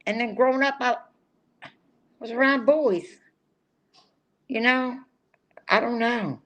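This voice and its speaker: Older woman, podcast co-host, loose rambling delivery, gets amped up fast. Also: fairly high pitch, muffled recording. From North Carolina. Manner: rambling, excitable, restarts often. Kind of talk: casual chat.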